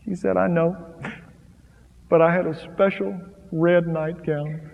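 A middle-aged man preaching a sermon, animated and jokey, with dramatic pauses. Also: on the high side, creaky, muffled recording, slight background noise. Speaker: pastor. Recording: long hall reverb.

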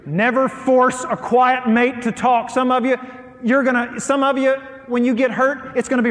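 Man preaching, pretty high voice, punchy and animated, long hall echo. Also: a little fast. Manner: emphatic preacher, animated delivery, swings between loud and soft. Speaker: pastor. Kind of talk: sermon on marriage to a live audience. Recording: long reverb of a large hall.

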